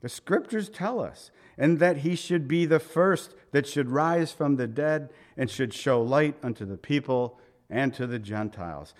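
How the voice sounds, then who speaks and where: A man's voice: medium pitch, unhurried. A middle-aged man preaching a conversational sermon, asking rhetorical questions and voicing quotes dramatically. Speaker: pastor.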